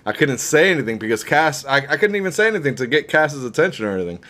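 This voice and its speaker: Man, podcast co-host, from the Caribbean, casual chat, relaxed, middle pitch. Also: fast. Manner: laid-back, laughs often, says bro a lot.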